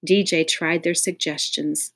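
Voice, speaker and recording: A woman's voice: low-pitched, fairly even intonation, a little slow, a bit bright. A woman reading a children's audiobook aloud in a playful way, speaking directly to young listeners. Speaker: audiobook reader.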